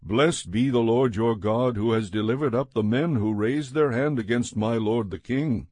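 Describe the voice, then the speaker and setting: A man's voice: medium pitch, moderate pace, a little mellow, no room sound, close to an everyday voice. A man reading the lines of an eager young male messenger, earnest and respectful.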